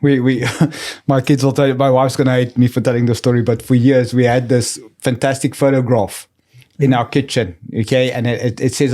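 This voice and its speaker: A man with a mid-range voice shares family anecdotes on a casual podcast. He talks in a relaxed way and laughs easily. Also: medium pitch, brisk. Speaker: podcast co-host. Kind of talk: casual chat.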